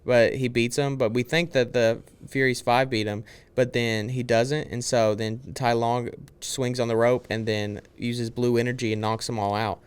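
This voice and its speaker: A young man chats on a casual movie podcast, hurrying through a plot recap full of "and then" and little quoted bits. His voice is smooth and clear, sitting at an ordinary middle pitch. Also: little pitch movement, moderate pace, hardly any pauses. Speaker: podcast co-host.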